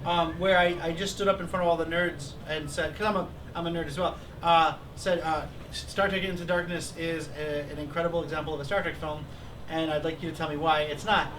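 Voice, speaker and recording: A man in his thirties hosting a live stream, talking casually and ranting with animated sarcasm. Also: fairly high pitch, a little fast. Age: 30s. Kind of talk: casual chat. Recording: distant mic with faint noise.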